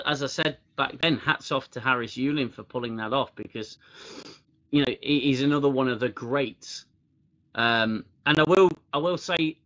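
A man's voice: medium pitch, fairly bright tone, lo-fi sound. A British man hosting a casual livestream chat, mocking what he reads aloud and laughing often. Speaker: host.

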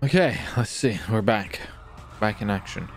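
A man's voice: on the low side, animated, normal speed, soft background music. A young man streaming a police role-play game, joking with a friend and barking commands at suspects. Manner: loud, bossy commands in character, joking asides. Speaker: streamer playing a police officer.

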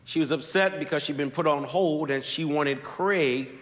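A man preaching a sermon as pastor, telling a story slowly and leaning hard on key words. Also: fairly high pitch, fairly bright tone. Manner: storytelling preacher with slow, deliberate emphasis. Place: church sanctuary. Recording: long reverb of a large church hall.

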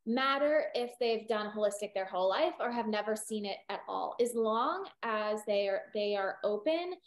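A woman's voice: mid-range voice, lively intonation, moderate pace. A middle-aged woman veterinarian from California, chatting in an interview, rambling with many fillers and restarts. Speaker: holistic veterinarian guest. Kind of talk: casual interview conversation.

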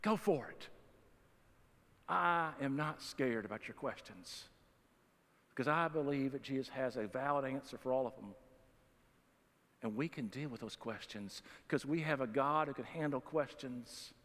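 A man's voice: medium pitch, unhurried, long pauses, a bit bright. A man preaching a sermon as pastor, in a folksy, conversational way with humorous asides. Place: church sanctuary. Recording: long reverb of a church hall.

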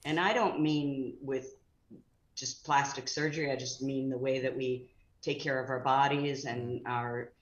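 A chatty middle-aged woman with a low voice talks casually and rambles with fillers. Her audio sounds echoey and a bit dull, like a roomy remote feed. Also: steady tone, measured pace. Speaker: guest actress. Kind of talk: casual chat.

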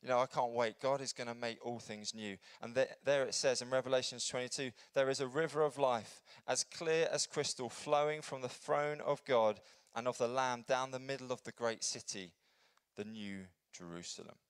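Earnest man preaching with a smooth voice. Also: moderate pace, no room sound. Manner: earnest, builds up then drops to a soft low voice. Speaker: pastor. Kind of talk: sermon. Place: church.

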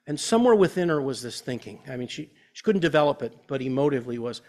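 A man's voice: mid-range voice, expressive, quick pace, few pauses, a little mellow. A man in his fifties preaching a sermon as a pastor, earnest and conversational, telling personal stories. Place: church.

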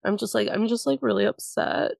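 A woman in casual podcast conversation, animated and quick to laugh, who swears casually and slips into quick impressions of people. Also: fairly high pitch, creaky, no echo, clean studio sound.

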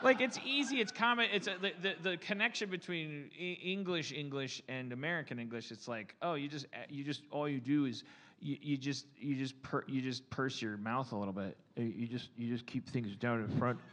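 A man's voice: mid-range voice, brisk, background noise. A man hosting a live comedy podcast on stage, rambling and stammering playfully through his banter. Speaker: podcast host. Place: live theater stage with audience.

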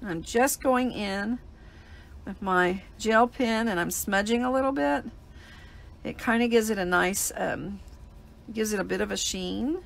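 A woman's voice: mid-range voice, gravelly. A woman hosting a live paper crafting demonstration, chatting and explaining each step as she works at a desk mic.

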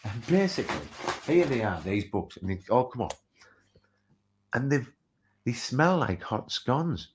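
An author and speaker tells a lively interview anecdote in a mid-range, slightly breathy voice, going unhurriedly with long pauses. He brings the story alive by acting out its dialogue.

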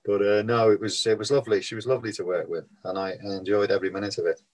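A man's voice: fairly low pitch, flat delivery, racing, a little mellow, poor audio. An older man with a Liverpool Scouse accent, an actor guest in a casual interview, telling chatty anecdotes and laughing at his own tales.

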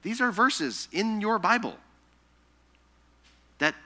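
A man preaching a sermon, telling scripture stories in an animated way, acting out the people he quotes, and dropping soft and slow when he reads the verses. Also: high voice. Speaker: pastor. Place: church sanctuary.

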